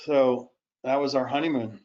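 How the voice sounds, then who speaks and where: A man's voice: medium pitch, steady tone, moderate pace, a little mellow. A man on a call, telling a story in an easygoing, casual way. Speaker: caller. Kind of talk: casual chat. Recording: dull lo-fi call audio.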